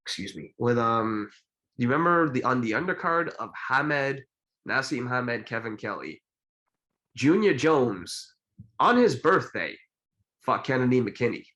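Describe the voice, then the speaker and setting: Animated male podcast co-host. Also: mid-range voice, a little slow, low-quality recording. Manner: animated storytelling with many fillers. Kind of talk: casual chat about boxing history.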